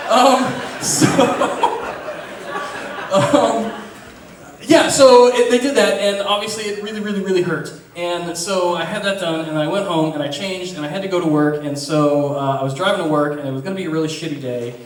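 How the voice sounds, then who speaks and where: A man telling a funny story before a live theater audience, animated, laughing often and swearing casually. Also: sits high, moderate pace, a little hiss or hum. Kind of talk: live comic storytelling on stage. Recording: echoey theater, distant mic, audience reacting.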